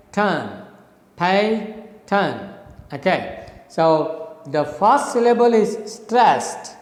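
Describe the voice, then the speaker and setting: A middle-aged English literature professor from India speaks very slowly and deliberately in a recorded lecture, repeating and spelling out words for his students. His voice is a little high for a man, and the room echoes with long reverb.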